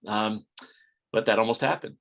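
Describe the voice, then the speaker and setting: A man's voice: fairly low pitch, moderate pace, creaky, a bit bright. A middle-aged man telling baseball memories in a chatty, casual way on a video call, with frequent restarts. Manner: conversational, chatty, many restarts. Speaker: author giving a talk. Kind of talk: casual storytelling talk. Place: home, indoors.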